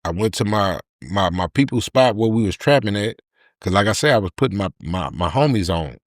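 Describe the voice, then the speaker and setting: A man, a podcast guest telling a candid personal story in an emotional, halting way with many repeated words. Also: on the low side, expressive, no room sound, studio quality.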